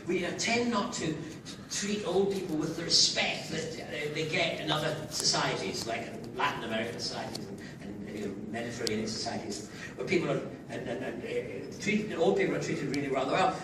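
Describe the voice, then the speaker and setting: An older Scottish man telling animated, laughing anecdotes as a guest on a fan convention panel. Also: on the high side, a little fast. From Scotland. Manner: animated, laughing, slips into impressions. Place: large indoor convention hall. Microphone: audience camcorder from far off. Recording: echoey hall, far off, crowd noise.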